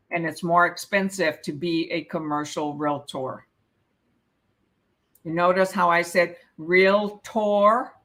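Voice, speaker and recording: A woman's voice: lowish voice, a bit bright. A woman teaching a live real estate exam prep class, reading questions aloud and explaining the answers, often checking in with "okay?".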